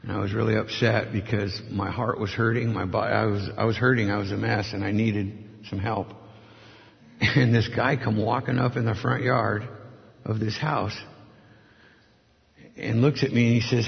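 A man telling a personal testimony story, earnest and halting, acting out the people he quotes. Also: on the low side, vocal fry. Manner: earnest, halting, animated when quoting others. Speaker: testimony speaker. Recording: dull audio with long hall reverb.

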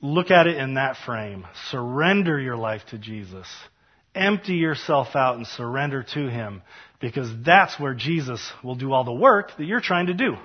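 A man leading a Bible study and closing prayer, earnest and repetitive, with frequent fillers and soft trailing endings. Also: mid-range voice, lively intonation, normal speed, breathy edge, dull audio.

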